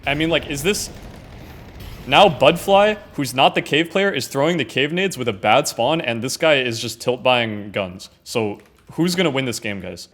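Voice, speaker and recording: A young man giving casual, filler-heavy commentary over his own gameplay footage, often trailing off quietly. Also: medium pitch, animated, moderate pace, hardly any pauses. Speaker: gaming content creator.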